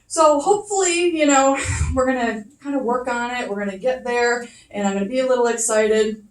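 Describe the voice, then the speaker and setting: A woman's voice: sits high, expressive, fairly quick, far from the mic. A middle-aged woman doing a chatty, self-deprecating stand-up set, swearing casually as she tells stories. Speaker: first-time stand-up comic. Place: comedy club stage. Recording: echoey room, voice off-mic.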